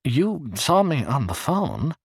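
Guy putting on a high slow smooth voice, pedantic sly weirdo, kinda husky, dry sound. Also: huge pitch swings, no room sound, heavily acted. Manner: long-winded clinical phrasing. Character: odd fussy man, pedantic and sly.

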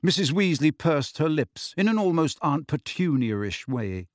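A man giving expressive audiobook narration in a steady storytelling manner. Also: fairly high pitch, measured pace, no room sound, studio quality. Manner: steady storytelling with shifting character voices.

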